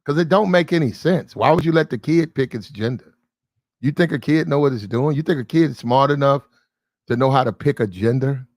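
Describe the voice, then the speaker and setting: A man's voice: mid-range voice, a little fast, darkish tone, no echo. Man, livestream host, blunt and disbelieving, swears casually; dry, close sound. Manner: blunt, incredulous, swears freely. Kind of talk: casual commentary.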